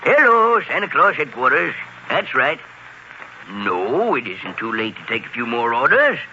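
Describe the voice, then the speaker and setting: A man's voice: mid-range voice, wildly swooping pitch, a little slow, bright, forceful tone, lo-fi sound, heavily acted. A man playing a hearty, chuckling, kindly old Santa in a 1940s radio play. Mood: jolly. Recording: old radio recording, faint hiss.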